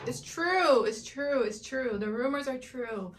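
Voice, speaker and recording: A woman's voice: high-pitched, lively intonation, a little slow. A woman with a slightly raised voice, talking as a video reviewer. She rants in a dramatic, emphatic way and hammers her points by saying them again and again. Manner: dramatic, emphatic, repeats herself for effect. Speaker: YouTube reviewer. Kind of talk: animated rant and review.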